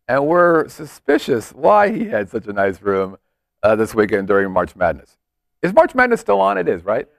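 A man's voice: mid-range voice, huge pitch swings, moderate pace, vocal fry, no room sound, studio quality. A man hosting a casual chat show, joking around and rambling with self-mocking asides. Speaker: host.

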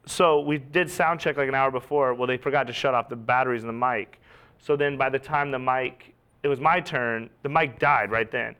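Guy comic telling road stories, bright crisp voice, gets loud and animated, swears a lot. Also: medium pitch, normal speed. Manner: animated, acts out quotes, swears freely. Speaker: stand-up comedian, podcast guest. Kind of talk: casual storytelling chat.

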